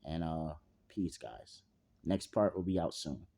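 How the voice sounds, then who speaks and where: A man's voice: very deep voice, animated, unhurried, vocal fry, mellow. A young man narrating a fan-made story at home in a casual, rambling way, full of fillers and slang and freely swearing.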